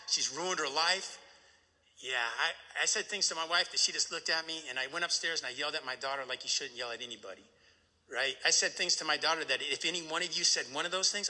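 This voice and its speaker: A man's voice: fairly high pitch, bright, forceful tone. A middle-aged man telling his recovery story to a live audience, acting out the voices of the people in it and asking "right?" after each turn. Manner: storytelling, acts out quoted voices, tag question "right?". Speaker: recovery meeting speaker. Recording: echoey hall.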